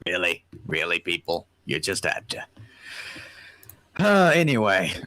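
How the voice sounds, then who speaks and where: A man's voice: deep voice, no room sound. A man co-hosting a livestream, chatting casually while reading a comic and laughing often. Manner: slow, animated, frequent laughter. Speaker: livestream co-host.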